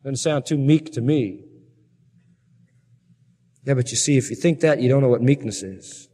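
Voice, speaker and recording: A man's voice: mid-range voice, moderate pace, big-room sound. A man preaching a sermon, retelling Bible stories dramatically and acting out quotes. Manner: animated, dramatic Bible storytelling with voiced quotes.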